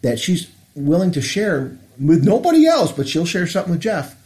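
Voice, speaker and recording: Male co-host, mellow and warm tone, earnest storytelling in casual faith talk. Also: fairly high pitch, sing-song, normal speed. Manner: earnest storyteller, acts out quoted voices. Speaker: podcast co-host. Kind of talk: casual faith-based chat.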